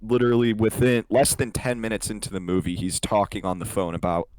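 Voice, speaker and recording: A young man chats loosely on a podcast, his voice sitting a little low. He rambles, swears freely and leans on fillers. The sound is close and dry with no room in it. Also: little pitch movement, fairly quick, a little mellow, no room sound. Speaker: podcast co-host. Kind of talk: casual chat.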